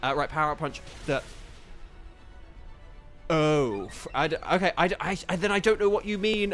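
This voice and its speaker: A young man live-streaming a game and chatting, excitable and flustered, rambling with lots of fillers. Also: on the high side, moderate pace, pauses often. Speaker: streamer and voice actor. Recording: faint game music behind.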